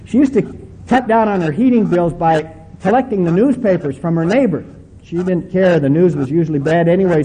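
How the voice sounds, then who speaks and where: High, lively-voiced male pastor preaching. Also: a little hiss or hum, rough recording. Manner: emphatic preaching with slow, drawn-out stresses; folksy storytelling. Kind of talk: sermon.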